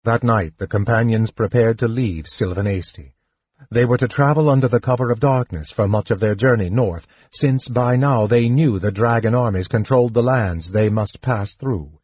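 Male audiobook narrator, measured storytelling, husky, low, dull dry recording. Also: a little mellow, dry recording. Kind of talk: scripted narration.

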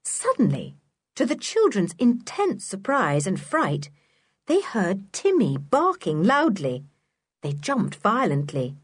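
A woman narrating a children's storybook in an expressive, clear reading voice. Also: medium pitch, takes it slowly, no echo, clean studio sound. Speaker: audiobook narrator.

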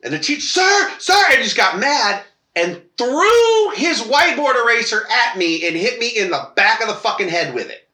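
A man's voice: high-pitched, big pitch swings, normal speed, bright, forceful tone, echoey room. A man on a casual podcast telling a long personal story, acting out quoted voices and swearing freely. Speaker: podcast co-host.

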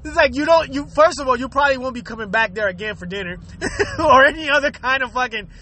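High, bright-voiced man ranting and laughing. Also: lively intonation, fast talker. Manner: laughs often, swears freely, mixes in Spanish; acts out quoted excuses in a lower voice. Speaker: vlogger. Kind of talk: profane comedic rant to camera.

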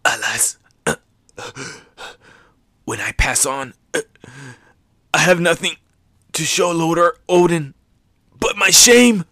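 A man's voice: mid-range voice, fairly even intonation, extremely slow, pauses often, bright, forceful tone, husky, dry recording, studio quality, full character voice. A man voicing a wounded, grieving male samurai retainer, with anguished delivery.

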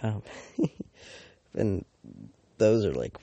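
Teenage boy, low voice, swinging pitch, rambling casual storytime, lots of swearing and fillers, dry close sound. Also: big pitch swings, slow, creaky, pauses often, warm tone, dry recording. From Canada. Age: teens. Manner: rambling, filler-heavy, swears often, mocking asides. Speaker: vlogger.

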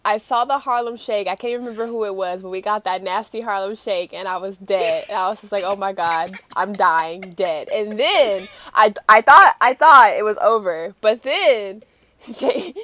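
A woman co-hosting a podcast, chatting casually and expressively with bursts of loud laughter. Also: medium pitch, animated, moderate pace, no room sound. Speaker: podcast co-host. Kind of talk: casual chat.

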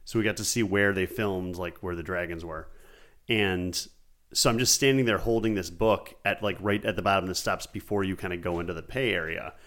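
A man's voice: low-pitched, brisk, a bit bright. A man from Buffalo co-hosting a podcast, telling long rambling stories in casual chat with lots of "like" fillers. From Buffalo, New York. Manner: rambling storyteller, many "like" fillers. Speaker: podcast co-host.

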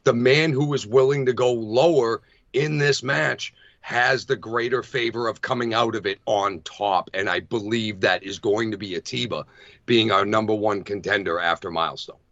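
A man's voice: lowish voice, moderate pace, no echo. A man on a podcast panel, chatting casually through a wrestling preview and trading defensive banter with the others. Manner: animated, laughing, defensive banter. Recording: dry, dull lo-fi sound.

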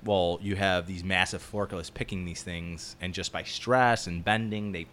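Talking at a moderate pace in a low-pitched voice, a construction foreman chats casually, spinning animated, profane, meandering stories. There's slight background noise.

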